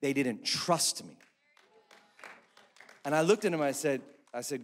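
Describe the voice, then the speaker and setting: A male pastor, likely in his thirties or forties, telling a funny family story in a sermon with animated, self-mocking humor. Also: mid-range voice, a little slow, long pauses, a little hiss or hum. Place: church hall. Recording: echoey church hall.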